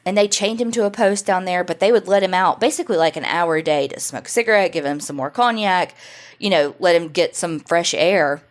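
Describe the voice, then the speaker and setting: A woman's voice: lowish voice, a little fast. A woman co-hosting a podcast, telling a true-crime story casually, chatty and swearing freely. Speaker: podcast co-host.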